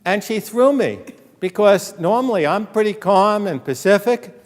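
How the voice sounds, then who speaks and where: A man giving an animated storytelling lecture as an author, joking with and quizzing his audience in a college hall. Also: high voice, moderate pace. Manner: animated, acts out quoted dialogue, jokes with audience. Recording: long hall reverb.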